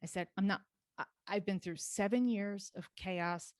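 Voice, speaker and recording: A woman talking as a podcast guest, telling a personal story in a rapid, animated way and laughing often. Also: mid-range voice, no echo. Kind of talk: casual interview storytelling.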